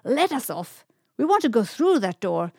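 A woman's voice: medium pitch, lively intonation, moderate pace, darkish tone, no echo, studio quality, natural voice. A woman reading a storybook, voicing a cheeky little female dog who talks convincingly and proudly. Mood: playful.

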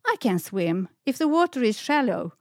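A woman's voice: fairly high pitch, big pitch swings, normal speed, a little mellow, dry recording, studio quality. A woman reading a storybook, voicing a cheeky little female dog who talks convincingly and proudly. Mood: playful.

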